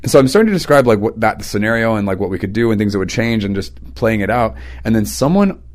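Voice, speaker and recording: Hosting his own casual podcast, this teacher and preacher talks fast in a lowish voice with lively intonation. His storytelling is relaxed, wandering and conversational.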